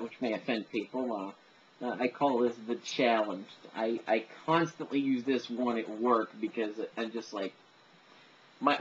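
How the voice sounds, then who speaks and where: On a muffled recording, a man with a mid-range voice talks casually about which voices he can do. He's an amateur impressionist whose monologue rambles, loaded with fillers and self-deprecating remarks.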